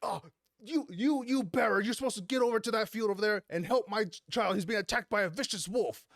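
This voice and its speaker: A man's voice: high-pitched, fast talker, gravelly, a bit bright, no echo, clean studio sound, pitched above the performer's own voice. A man voicing a pushy villager who orders the hero around. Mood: urgent.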